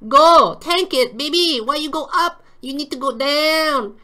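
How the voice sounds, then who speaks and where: A man voicing a boastful, greedy male day trader who gloats in broken English and shouts at the market. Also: very high-pitched, measured pace, voice pushed up, exaggerated voice. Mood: demanding.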